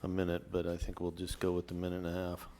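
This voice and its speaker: A man's voice: low-pitched, monotone, fast, dark tone, a little hiss or hum. A man chairing a county board meeting, speaking in a casual, procedural way.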